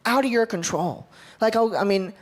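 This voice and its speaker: A man's voice: high-pitched, moderate pace. A man from Ohio giving a casual, upbeat church leadership talk, joking and drawing in the audience.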